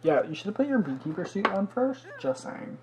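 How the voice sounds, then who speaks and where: A man's voice: high-pitched, big pitch swings, brisk, noisy background. A young man hosting a life-sim let's play in casual commentary, chatty and fussy, exclaiming often and scolding the game's pets.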